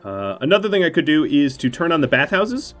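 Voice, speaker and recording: A man's voice: fairly high pitch, very animated, brisk, faint music behind. A man streaming a strategy game on a headset mic, thinking aloud about his choices with dry, self-mocking jokes. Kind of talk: let's play commentary.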